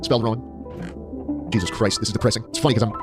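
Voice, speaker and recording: A man giving excited gameplay commentary, swearing a lot, his voice jumping up into yelps. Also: fairly low pitch, brisk, music in the background. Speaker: gaming streamer.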